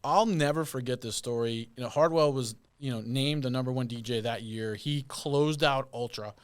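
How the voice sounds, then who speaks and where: A man chatting on a podcast about his work managing music artists. He tells his stories in an animated way and circles back over his own phrases. His pitch sits right in the middle for a man. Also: moderate pace, clean tone. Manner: storytelling, animated with repeated phrases. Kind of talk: casual podcast chat.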